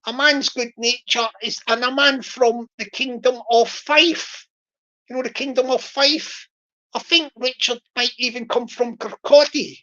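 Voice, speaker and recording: Woman rambling on her vlog, highish voice, lots of uh and you know, dull lo-fi audio. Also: fairly even intonation, a little slow, sharp tone. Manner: rambling, many restarts and fillers. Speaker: channel host. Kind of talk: rambling casual vlog chat. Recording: dull lo-fi recording.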